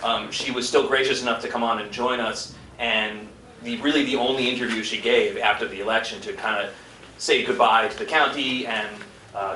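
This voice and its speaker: Bright, cheerful man accepting award. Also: medium pitch, slight background noise. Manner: cheerful, laughing, loose. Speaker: radio station representative. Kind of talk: acceptance speech. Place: banquet hall. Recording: echoey hall, distant mic.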